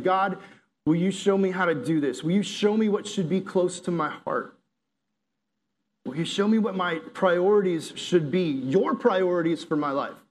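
A young man preaching a casual, lively sermon to teenagers, often saying "like" and "right?". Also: high-pitched. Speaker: youth pastor. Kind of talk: youth sermon.

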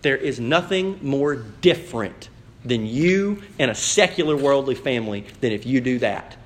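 A man's voice: medium pitch, expressive, normal speed. A married man preaching a sermon as pastor, telling a personal story in a conversational way and speaking directly to the congregation. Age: adult, married. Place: church sanctuary. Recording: echoey church room.

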